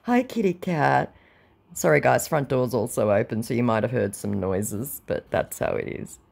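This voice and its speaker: A woman's voice: extremely low pitch, lively intonation, normal speed, vocal fry, darkish tone. A woman at home giving blunt, sarcastic, casual commentary on chat messages, swearing freely. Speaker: scam baiter. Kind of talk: casual commentary reading chats.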